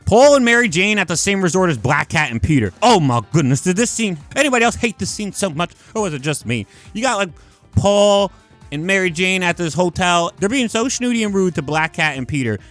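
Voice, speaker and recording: A man with a high voice rants in casual commentary. He sounds exasperated and mocking and swears freely. Faint music plays softly behind him. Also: sing-song, brisk. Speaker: comic commentary host.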